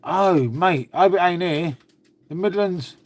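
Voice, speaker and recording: In a dry recording, a man with a high voice hosts a laid-back livestream, speaking a little slowly. He talks with viewers and swears freely at his dog.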